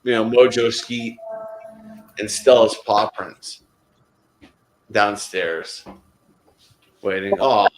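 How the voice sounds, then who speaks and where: A man's voice: fairly low pitch, steady tone, slow pace, long pauses, roomy sound, slight background noise, poor audio. A man in casual group conversation, telling a heartfelt story in a rambling way, often restarting his sentences. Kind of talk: casual chat.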